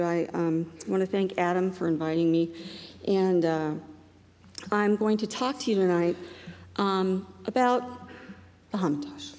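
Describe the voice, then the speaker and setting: Middle-aged woman from Ohio, self-deprecating stage speaker; slightly breathy, echoing hall. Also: mid-range voice, a little mellow. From northeastern Ohio. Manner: rambling, self-deprecating, laughing often. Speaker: guest speaker. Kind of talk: humorous live talk.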